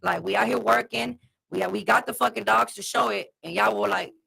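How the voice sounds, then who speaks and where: A woman's voice: medium pitch, fairly even intonation, brisk, vocal fry, sharp tone, breathy edge, low-quality recording. A woman who breeds dogs, talking on a podcast in an assertive, emphatic and profane way. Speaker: podcast guest and dog breeder. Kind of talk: casual chat.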